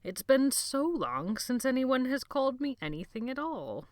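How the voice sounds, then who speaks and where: A woman voicing a frail, gentle old male librarian who speaks slowly and haltingly in a hoarse near-whisper. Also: fairly low pitch, sing-song, no room sound, clean studio sound, exaggerated voice. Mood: wondering. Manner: slow, halting, dreamy speech.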